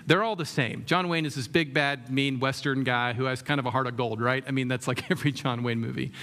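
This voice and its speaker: A man's voice: medium pitch, fairly even intonation, brisk, sharp tone. A man preaching a sermon in a conversational way, often asking the room questions and using many fillers. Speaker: pastor.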